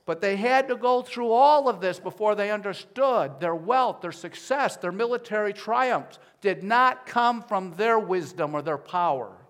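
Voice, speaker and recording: A man preaching a sermon as pastor, at times rising to loud pleading as he voices people's prayers. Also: high voice, expressive, unhurried, hardly any pauses. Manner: builds to loud pleading when voicing prayers.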